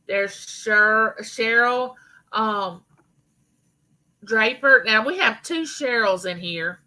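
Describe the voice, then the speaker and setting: A woman's voice: on the high side, slow pace, pushed and bright, rough recording. A middle-aged woman from Mississippi with a Southern accent, hosting a casual live chat and greeting viewers by name. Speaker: YouTube channel host.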